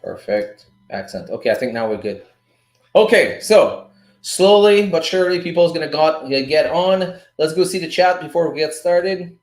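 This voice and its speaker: A man with a fairly high voice talks loosely to his live-stream viewers about forex trades, casual and a bit profane. The sound is roomy, with a noticeable echo off the walls. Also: lively intonation, normal speed. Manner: loose, chatty, swears casually, calls the audience "guys" and "dude". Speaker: livestream host teaching forex trading.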